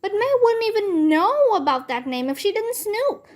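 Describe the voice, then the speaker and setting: A woman voicing a feisty, bossy little first-grade girl who protests loudly and indignantly in a children's book read-aloud. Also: sits high, expressive, slow pace. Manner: indignant, loud, stamping protests.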